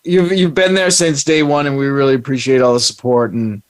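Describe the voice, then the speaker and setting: A man co-hosts a live show in an easygoing, rambling way, drifting from one small story to the next. His voice is mid-pitched, and it is recorded dry and close. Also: fairly even intonation, fairly quick, clean tone, dry recording. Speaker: co-host. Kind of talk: casual chat.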